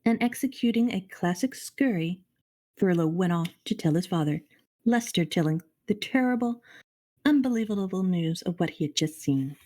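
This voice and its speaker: A middle-aged woman reading a children's novel aloud on a charity livestream, expressive and addressing the reader directly. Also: on the low side, moderate pace. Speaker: storybook reader on a charity stream.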